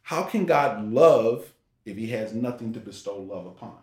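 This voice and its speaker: A man's voice: fairly low pitch, expressive, normal speed, darkish tone. A man giving an informal sermon, talking through scripture in a rambling, conversational way with rhetorical questions. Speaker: preacher. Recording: roomy echo.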